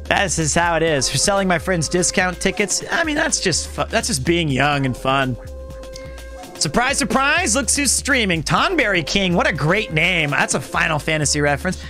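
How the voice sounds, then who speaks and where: A man in his thirties with a high, bright, sharp voice chats loosely on a live stream. He rambles through self-mocking tales and cracks jokes. Soft music plays behind him. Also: sing-song, moderate pace. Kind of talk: casual chat with live chat.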